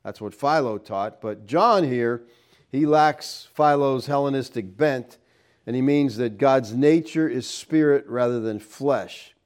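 A man's voice: medium pitch, a little slow. A man giving a verse-by-verse Bible teaching, explaining with rhetorical questions and stressing key points.

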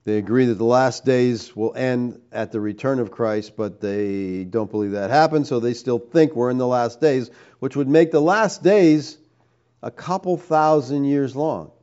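Emphatic preacher man, mellow voice. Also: mid-range voice, a little slow, smooth, highs cut off. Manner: emphatic, rhetorical questions, tags "all right?". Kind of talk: sermon teaching.

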